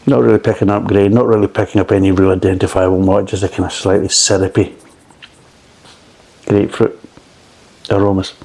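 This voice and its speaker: A middle-aged Scottish man with a low, gravelly voice talks through a beer review. His tone is dark and mellow, and his delivery is blunt and grumbling, full of swearing. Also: flat delivery, a little fast, long pauses, rough recording.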